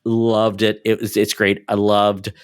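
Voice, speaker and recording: Male podcast host, lower pitch, animated casual talk, acts out quotes. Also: measured pace, smooth, no echo, clean studio sound. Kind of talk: casual chat.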